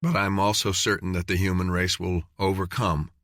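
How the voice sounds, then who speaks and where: A man voicing a tough male master sergeant who speaks in an earnest, measured, restrained way. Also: low voice, little pitch movement, a bit bright, no echo, clean studio sound.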